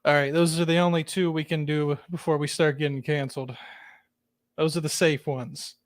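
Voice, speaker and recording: A man's voice: a little high, flat delivery, normal speed. A man hosting a casual podcast chat, rambling along with lots of fillers and restarts. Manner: chatty, rambling with many fillers. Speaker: podcast host.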